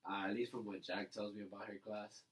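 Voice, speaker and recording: Young man, lowish voice, set back from the mic, casual podcast chat. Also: brisk, far from the mic, low-quality recording. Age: young adult. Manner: relaxed, agreeable, chimes in with questions. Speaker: podcast co-host.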